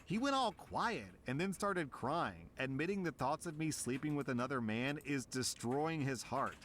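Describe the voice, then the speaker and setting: A man streamer reading a story aloud and reacting, amused and animated. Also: medium pitch, moderate pace, slight background noise. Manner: amused, breaks into laughter.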